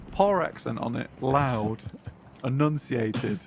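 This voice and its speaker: A man calling a live esports match, unhurried and deliberate in his delivery. His voice has a gravelly rasp, and he mixes tactical analysis with teasing banter. Faint background noise runs under his speech. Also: mid-range voice. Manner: playful banter, drawn-out analysis. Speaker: esports co-caster.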